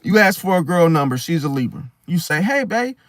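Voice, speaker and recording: A man's voice: on the high side, a little fast, no echo, studio quality. A man giving a casual, preachy monologue about astrology, full of slang and rhetorical questions like "See?". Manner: slangy, blunt, swears casually. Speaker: astrology vlogger.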